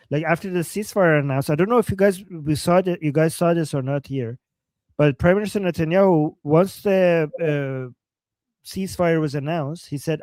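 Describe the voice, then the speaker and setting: Man with a fairly high, dry voice, incredulous host. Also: normal speed, no room sound. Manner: animated, incredulous, frequent "like" and "oh my God". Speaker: political talk show host. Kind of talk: casual political chat.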